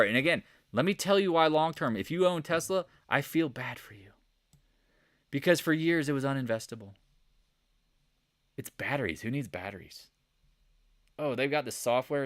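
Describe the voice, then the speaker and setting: A man hosting a live market commentary stream, talking in a blunt, animated, sarcastic way. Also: medium pitch, no room sound, clean studio sound. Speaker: host of a trading channel.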